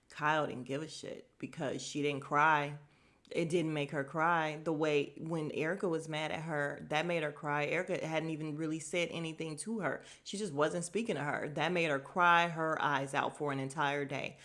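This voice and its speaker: A woman's voice: deep voice, normal speed. Sassy woman recapping reality TV. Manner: animated, sassy, mocks people's quotes in put-on voices. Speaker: podcast host. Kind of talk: casual TV recap commentary.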